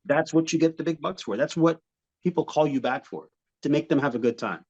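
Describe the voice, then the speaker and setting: A man's voice: a little high, brisk, lo-fi sound. A man from Montreal, a comedian, chatting as a podcast guest and telling stage stories. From Montreal, Canada. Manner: animated storyteller, slips into funny voices and accents. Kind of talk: casual podcast chat with impressions.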